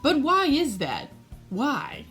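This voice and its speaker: Chatty young woman ranting to her camera, kinda high voice, lots of "like", faint music behind. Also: takes it slowly. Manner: chatty and rambling, full of fillers like "like"; animated, jumps into high playful voices when quoting. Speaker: vlogger and daycare worker. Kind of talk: casual rant to camera.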